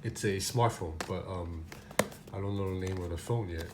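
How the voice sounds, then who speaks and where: A man's voice: low voice, normal speed, very noisy. Laid-back man rambling through a gadget unboxing. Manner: rambling, loose, with many fillers and restarts. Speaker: gadget reviewer. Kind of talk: casual unboxing and hands-on review.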